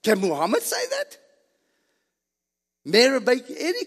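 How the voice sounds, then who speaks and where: Brief: male preacher, high and animated voice, emphatic repeats, long hall reverb. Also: measured pace. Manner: emphatic, repetitive, rising to near shouts. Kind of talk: sermon.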